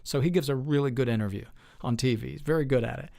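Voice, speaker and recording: A man's voice: medium pitch, fast, vocal fry, warm tone. A man in his forties, a lawmaker being interviewed, telling stories in a chatty, earnest way with lots of fillers and restarts. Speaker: state lawmaker as guest. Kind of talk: casual storytelling interview.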